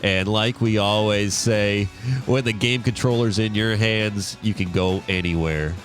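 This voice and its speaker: A man's voice: lowish voice, fairly even intonation, a little slow, faint music behind. A man with a nasal voice co-hosting a podcast in easygoing, casual chat. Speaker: podcast co-host.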